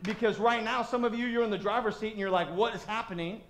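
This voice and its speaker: Male pastor, high voice, animated, shifts into character voices, echoey church sanctuary. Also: fast talker, noisy background. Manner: animated, acts out voices of crowds and God. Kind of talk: sermon.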